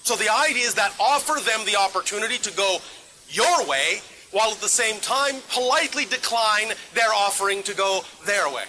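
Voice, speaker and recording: A man's voice: high-pitched, animated, normal speed, pushed and bright, slight background noise, full character voice, rough recording. A man speaking as a channeled otherworldly male entity, answering questions in clipped, emphatic, probing sentences. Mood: insistent. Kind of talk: live channeling session Q&A.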